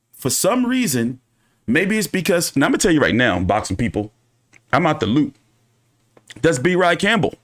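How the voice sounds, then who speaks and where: A man hosting his own boxing channel, talking casually and ranting with lots of swearing. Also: a little high. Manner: profane, animated, ranting. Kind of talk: casual livestream commentary.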